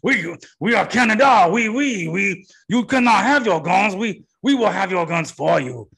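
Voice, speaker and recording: A man's voice: high-pitched, animated, moderate pace, creaky, a bit bright, slightly rough, pitched above the performer's own voice, exaggerated voice. A man doing a mocking impression of a male politician in a bad, exaggerated fake French accent. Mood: mocking smug.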